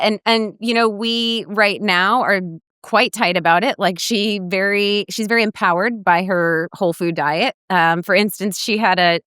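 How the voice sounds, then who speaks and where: Smooth-voiced woman dietitian guest. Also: medium pitch, dry recording, clean studio sound. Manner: warm storytelling, animated quoting of others. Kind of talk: podcast interview.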